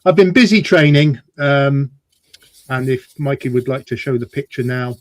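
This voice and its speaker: A man's voice: medium pitch, moderate pace, no echo. A man hosting a casual live model-building stream, joking and reading out chat comments. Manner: chatty, jokey, reads chat comments aloud.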